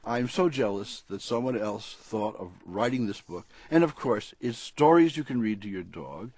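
A man's voice: on the low side, expressive, normal speed, darkish tone, no room sound. A man speaking from his home as a guest author, wry and whimsical in conversation. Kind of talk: radio interview from home.

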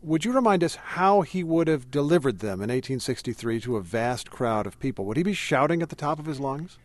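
A man hosting a radio news program, asking the guest brisk, direct questions. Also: mid-range voice, lively intonation, no echo. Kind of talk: news interview.

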